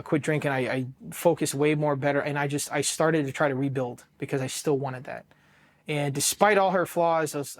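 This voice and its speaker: A man in his thirties from Ohio with an American accent, recounting his own story as an interview guest in a blunt, profane way, with many restarts and lines of quoted dialogue. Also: fairly high pitch. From Ohio, United States. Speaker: Marine veteran guest.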